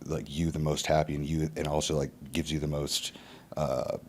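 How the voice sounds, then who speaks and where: Man, 30s, very low voice, podcast guest, rambling, stumbles and restarts. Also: monotone, normal speed, a little mellow, slight background noise. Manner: loose, rambling with repeated restarts and profanity. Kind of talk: casual podcast conversation.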